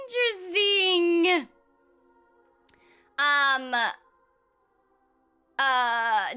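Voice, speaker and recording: Unhurried, giggly female streamer with a high, very bright and lively voice. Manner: bubbly and chatty, scatting filler sounds; giggly, rambling with restarts. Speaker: game streamer and voice actor. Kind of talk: casual live-stream chat with viewers.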